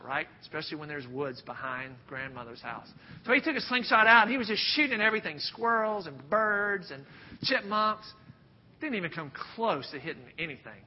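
Animated male preacher in a reverberant hall. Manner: animated, swings from loud bursts to hushed near-whispers. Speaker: pastor. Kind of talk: sermon with storytelling. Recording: dull sound with long hall reverb, faint rumble.

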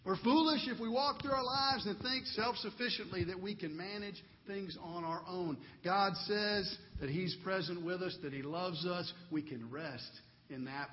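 A man's voice: fairly high pitch, long reverb tail, lo-fi sound, a little hiss or hum. A male pastor, likely in his thirties, preaching a conversational sermon with personal stories and a closing prayer.

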